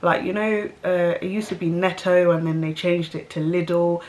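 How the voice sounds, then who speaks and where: A chatty vlogger from South London tells a casual story to camera, rambling with fillers and self-aware asides. Her lowish voice is level, a little mellow and at normal speed, and hay fever has left her with a stuffy nose.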